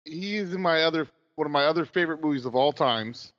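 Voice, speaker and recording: A man guests on a podcast and chats quickly in a rambling way. His voice comes through a dull, lo-fi remote line with a long reverb. He sits a little high in pitch. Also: fairly bright tone. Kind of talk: casual chat.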